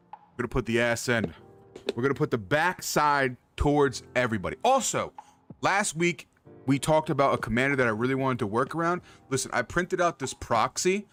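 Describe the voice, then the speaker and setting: A man's voice: mid-range voice, fairly bright tone. A man hosting his own livestream, chatting casually with his viewers in a hyped, loose and profane way. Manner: hyped, loose and profane, talks straight to the chat. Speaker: streamer host.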